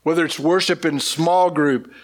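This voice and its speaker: A male pastor delivering a sermon in a voice pitched a little high for a man. He builds each point with repeated phrases and rhetorical questions. At times he drops almost to a whisper for emphasis. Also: fairly even intonation, normal speed.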